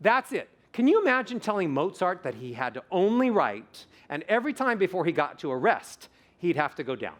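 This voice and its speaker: Animated male voice coach. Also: high voice, a little fast, few pauses. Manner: animated, demonstrates vocal examples, playful. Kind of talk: conference talk with audience exercises. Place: conference stage.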